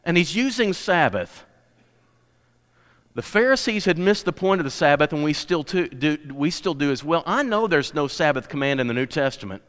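A man's voice: a little high, animated, normal speed, fairly bright tone. A man preaching a sermon, telling stories and building to emphatic points. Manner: storytelling preacher, rising to emphatic declarations. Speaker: pastor. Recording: long reverb of a large hall.

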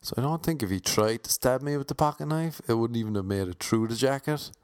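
A man's voice: medium pitch, fast talker, clear, resonant tone. Rambling Irish man from Cork. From Ireland, Cork. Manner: rambling, self-correcting, wry asides. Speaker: storyteller. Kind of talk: comic anecdote monologue.

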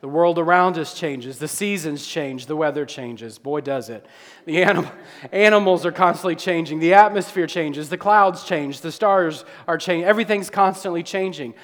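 A man in his thirties preaching a sermon to his church congregation, animated and joking with the crowd. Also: on the high side, moderate pace. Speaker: pastor. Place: church sanctuary. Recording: long hall reverb.

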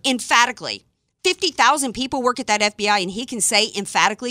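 A woman hosting a talk radio show, delivering an emphatic, indignant opinion monologue with sarcastic asides and quick restarts when she gets fired up. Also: a little high, expressive, sharp tone, no room sound.

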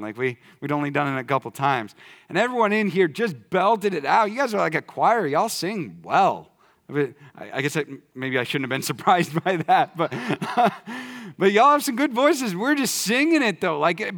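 Animated, conversational man preaching. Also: a little high. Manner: conversational, animated, jumps between loud excitement and quiet emphasis. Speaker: pastor. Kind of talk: sermon. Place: church sanctuary.

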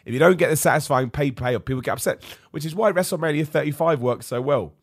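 A man's voice: fairly high pitch, fast talker, no room sound, studio quality. A man hosting a live wrestling podcast, opinionated and ranty, ill and losing his voice. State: ill, voice going. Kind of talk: live-streamed podcast rant.

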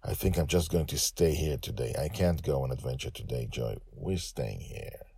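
A man voicing a hungover father with a pounding headache, whispering hoarsely and moaning slowly. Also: extremely low pitch, expressive, warm tone, no room sound, studio quality, heavily acted. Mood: groaning. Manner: slow, moaning and weary.

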